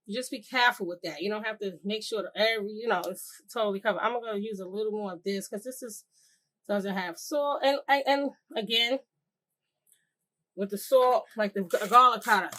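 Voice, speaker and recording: A woman's voice: on the high side, a bit bright, low-quality recording. A woman hosting a casual cooking tutorial, chatting loosely with her viewers and circling back on herself as she goes. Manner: chatty, talks to viewers as "y'all"; rambling with many fillers and restarts. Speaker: cooking channel host.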